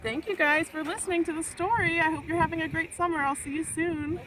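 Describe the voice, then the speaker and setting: A woman teacher reading a picture book aloud to children in a lively voice, outdoors on a windy clifftop. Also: very high-pitched, fairly quick. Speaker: elementary school teacher. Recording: loud wind noise outdoors.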